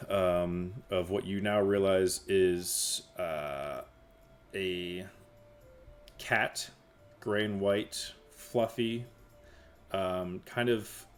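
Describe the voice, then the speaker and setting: A man narrating as game master of a tabletop game, rambling through scenes with many fillers. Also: low voice. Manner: rambling, filler-heavy storytelling.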